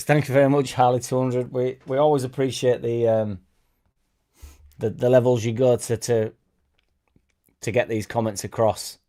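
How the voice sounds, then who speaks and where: A man running a casual livestream, his voice soft and mellow without edge, sitting in the middle of the male range. He rambles easily from one thought to the next and reads out viewers' comments with a shrug of self-deprecating humor. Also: medium pitch, flat delivery, moderate pace, pauses often. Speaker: fan channel host. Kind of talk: casual live-stream chat.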